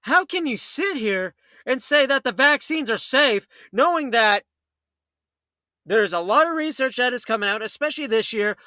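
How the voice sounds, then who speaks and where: High-voiced, heated talk radio man. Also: expressive, bright, forceful tone, no echo, studio quality. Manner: fast, heated storytelling with acted quotes. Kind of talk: late-night talk radio monologue.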